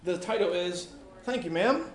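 Male teacher, high voice, reads a story aloud to the class with chatty asides, echoey classroom. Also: normal speed. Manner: casual, chatty asides between passages. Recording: echoey room with faint noise.

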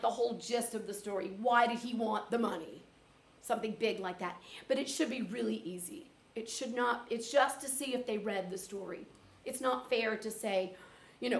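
Chatty woman teacher, echoey room. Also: fairly high pitch. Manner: chatty, practical, with reading-aloud demonstrations. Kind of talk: teacher-training talk.

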